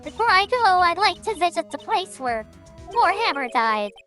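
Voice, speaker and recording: A cranky, shrill old woman gasps and huffs between loud, squawking threats. Her voice leaps very high and sharp, with wild swings. Faint game music plays underneath. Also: big pitch swings, moderate pace, heavily acted. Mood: fretful. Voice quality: shrill, gasping between words. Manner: shouting threats, huffing.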